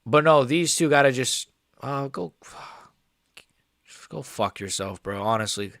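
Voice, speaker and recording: A man on a live fight-reaction stream who rants and curses in frustration, often restarting his sentences. His voice sits at a middle pitch and sounds close and dry, with no room echo. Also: lively intonation, unhurried, creaky, pauses often, a bit bright. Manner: angry, profane ranting; rambling with frequent restarts. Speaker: MMA streamer.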